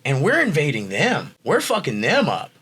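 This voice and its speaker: A fairly high-voiced man chatting about a film with a co-host, quick to swear and laugh. He talks in excited, animated bursts that pile onto each other. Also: slightly rough. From Texas. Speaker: podcast co-host. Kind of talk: casual movie review chat.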